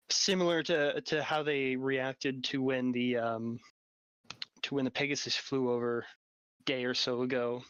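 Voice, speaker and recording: Bright-voiced man with a sore throat. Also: medium pitch, no echo, dull audio. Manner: casual, many fillers and restarts while describing scenes. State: getting over a cold, sore throat. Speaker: dungeon master. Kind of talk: narrating a tabletop game.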